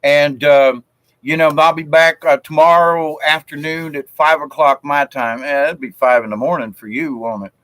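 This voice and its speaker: A man's voice: fairly high pitch, fairly even intonation, normal speed, fairly bright tone, dry recording, rough recording. A man from South Georgia, telling jokes in a folksy, chuckling way on a live stream. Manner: folksy and chuckling, with frequent fillers. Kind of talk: casual joke-telling chat.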